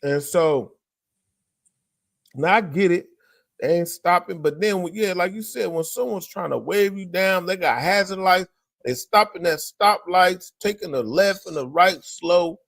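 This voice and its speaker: A man's voice: sits high, measured pace, creaky, dry recording, studio quality. A man co-hosting a podcast, talking casually over a video clip and acting out what people say. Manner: animated, acts out quotes in voices. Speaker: podcast co-host.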